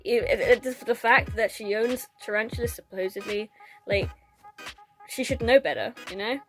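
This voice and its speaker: A woman's voice: fairly high pitch, normal speed, soft background music. Sweary young woman ranting on phone. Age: 20s. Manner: blunt, sweary, laughs often. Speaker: vlogger. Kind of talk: casual rant to camera.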